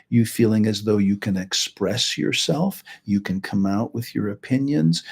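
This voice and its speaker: A man's voice: fairly low pitch, breathy edge. A middle-aged man hosting a live teaching talk, chatty and rambling, with joking asides. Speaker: host and healing practitioner.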